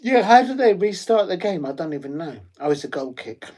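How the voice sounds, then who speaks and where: A man hosting a live football watch-along, chatty and rambling with many fillers and sudden bursts of excitement. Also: sits high, fairly quick.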